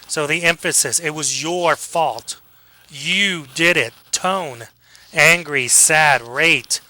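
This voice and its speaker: A man giving a casual classroom lecture, joking with students, acting out quick examples and checking in with a frequent "okay?". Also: a little high, pushed and bright, poor audio. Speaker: college lecturer.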